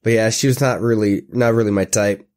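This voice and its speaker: A man's voice: fairly low pitch, steady tone, fairly quick, darkish tone. A man co-hosting a comedy podcast, laid-back and hesitant, laughing often in casual banter. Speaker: podcast co-host.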